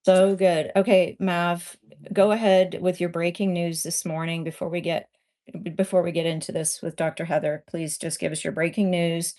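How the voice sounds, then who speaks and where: A woman co-hosting a live online talk space, upbeat and quick to hand the mic around. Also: on the low side, flat delivery, darkish tone. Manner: upbeat, enthusiastic. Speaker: co-host.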